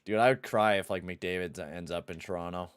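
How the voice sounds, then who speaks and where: Excitable young man streaming a hockey game. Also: deep voice, brisk, clear, resonant tone, no echo, clean studio sound. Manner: excitable, swears, shouts at the game. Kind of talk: live gameplay commentary and chat.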